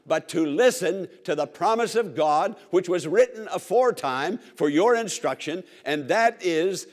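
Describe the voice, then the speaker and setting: High-voiced man preaching a sermon. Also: normal speed, hardly any pauses. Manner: emphatic, repetitive, call-and-response with congregation.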